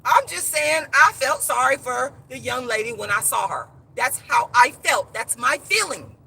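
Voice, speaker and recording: A woman's voice: high-pitched, expressive, normal speed, gravelly, sharp tone, breathy edge. A woman author and activist speaking straight to her viewers in an impassioned live-stream monologue, emphatic and preachy, repeating words as she gets worked up. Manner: speaks directly to viewers as "y'all".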